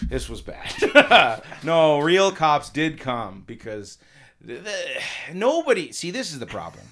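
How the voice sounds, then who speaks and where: A man plays a blustery, simple-minded husband in an improvised comedy interview. His bright, forceful voice rises and falls widely while he rambles defensively and laughs between his excuses. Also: on the high side, very animated, slow pace, slight background noise, heavily acted. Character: simple-minded beer-selling suburban husband.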